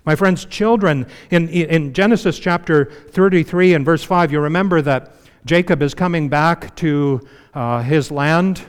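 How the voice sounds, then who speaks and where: A man preaching a sermon in a relaxed, conversational way, full of "you know"s and dropping to a hushed voice to stress a point. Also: on the high side, big-room sound. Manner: conversational preaching with frequent you-knows, dropping to a hush for emphasis. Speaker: pastor.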